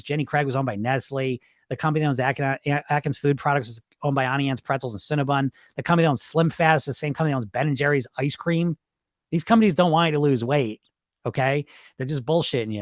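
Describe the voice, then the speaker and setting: A man's voice: on the high side, dry recording, studio quality. Blunt, profane male podcast host. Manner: blunt, profane, fast-shifting and animated. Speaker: weight loss hypnotist and podcast host. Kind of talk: casual podcast talk.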